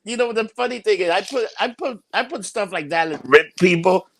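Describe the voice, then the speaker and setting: A man's voice: high voice, animated, fairly quick, a bit bright, slight background noise. A man co-hosting a podcast, ranting in profane casual chat and laughing often. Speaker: podcast co-host.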